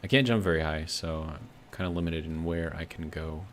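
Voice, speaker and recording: This American streamer has a very deep yet fairly bright voice and talks briskly, casually commenting on his game and reading chat. He rambles with lots of fillers as he thinks aloud, with a little hiss or hum in the audio.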